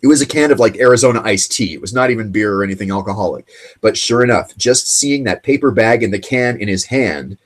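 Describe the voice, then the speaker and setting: A man's voice: lowish voice, expressive. A man hosting a late-night show, rambling through a casual monologue while choked up and tearful. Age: grew up in the 1980s. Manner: rambling, halting, with fillers and restarts.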